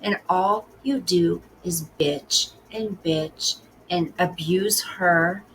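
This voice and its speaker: A woman gives blunt, sarcastic reaction commentary at a slow, deliberate pace. Her voice is bright but heavy with gravelly fry, and she sits a little lower in pitch. A faint hiss runs underneath. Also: poor audio. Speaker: commentary host.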